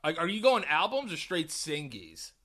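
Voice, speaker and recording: A young man tells a story on a casual podcast, swearing freely and acting out the other people involved. His voice is bright and sits a little high. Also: normal speed. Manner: profane, animated retelling with put-on dialogue. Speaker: podcast co-host.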